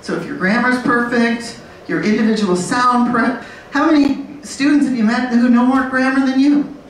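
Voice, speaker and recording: A woman speaking on a conference panel in a lively, blunt way, acting out learners and babies. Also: on the high side, moderate pace. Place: conference room. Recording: very echoey room from far off, faint noise.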